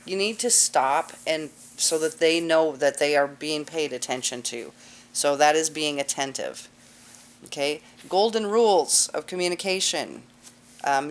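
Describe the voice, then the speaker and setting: A woman teaching a cosmetology class in a casual, chatty lecture with lots of fillers. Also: on the low side. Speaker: cosmetology instructor.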